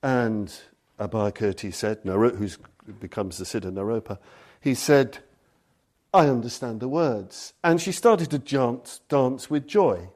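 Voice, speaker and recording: Speaking at a measured pace, this man has a lowish voice with a somewhat dark tone. He is a Buddhist teacher giving a dharma talk built around stories and passages he reads aloud.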